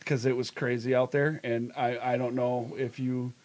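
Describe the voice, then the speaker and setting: A man's voice: medium pitch, level tone, moderate pace, a little mellow. A man hosting a live show in casual chat, upbeat and talkative as he greets viewers. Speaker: host.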